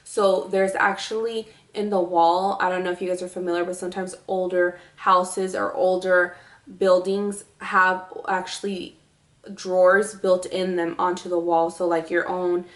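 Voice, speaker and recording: A woman's voice: lowish voice, little pitch movement, a little slow, echoey room. A woman vlogger telling a story in a casual, rambling way, full of fillers.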